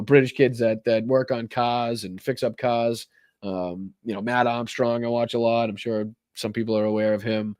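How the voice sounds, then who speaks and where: A man's voice: medium pitch, darkish tone, dry recording. Rambling, profane male livestream host. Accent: American. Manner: rambling, profane, with many fillers and restarts. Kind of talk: casual livestream chat reading viewer donations.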